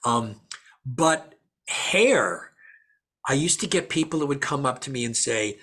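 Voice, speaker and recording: A man's voice: medium pitch, measured pace, pauses often, husky. A man, an actor guest in an interview, telling anecdotes and acting out the voices of people he quotes. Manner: animated, acts out quoted voices. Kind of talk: storytelling interview answers.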